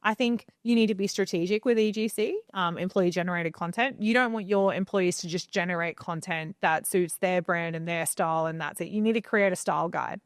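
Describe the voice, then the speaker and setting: A woman's voice: on the low side, fairly quick, hardly any pauses, dry recording, studio quality. Chatty woman giving marketing advice. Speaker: podcast co-host. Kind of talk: casual podcast chat. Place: home studio.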